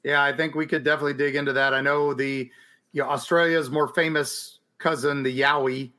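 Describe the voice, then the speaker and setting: A man's voice: a little high, brisk. A man co-hosting a podcast, chatting casually and rambling a little while answering listener questions. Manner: relaxed, rambling, hesitant with ums. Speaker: podcast co-host.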